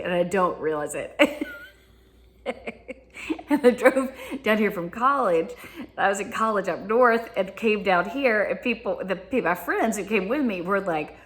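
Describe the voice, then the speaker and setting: A woman's voice: medium pitch, animated, a little slow. A woman with a Southern US accent, telling casual stories and laughing often as she talks. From Southern United States. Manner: giggly, laughs often while talking. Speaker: vlogger. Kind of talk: casual storytelling monologue.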